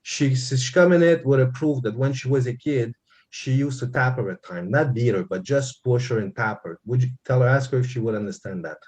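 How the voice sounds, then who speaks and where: A man serving as guest medium at a church service, passing on messages in a quick, earnest, gently reassuring way. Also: medium pitch.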